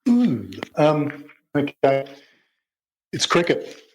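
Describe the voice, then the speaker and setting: A man's voice: fairly high pitch, very animated, extremely slow, darkish tone, poor audio. A middle-aged man talking as a podcast guest, hesitant and self-deprecating, with lots of fillers and restarts. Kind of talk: casual interview chat.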